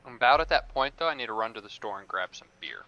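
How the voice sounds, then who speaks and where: A man's voice: medium pitch, sing-song, quick pace, pushed and bright, muffled recording. A man chatting casually with a friend over a voice chat mic while gaming, laid-back and swearing freely. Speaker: gamer in voice chat.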